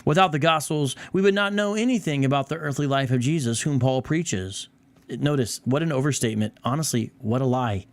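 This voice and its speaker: Exasperated man with a lively voice. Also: fairly high pitch, brisk, no room sound. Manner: heated, exasperated interjections. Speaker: podcast host. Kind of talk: reading aloud and rebutting a text.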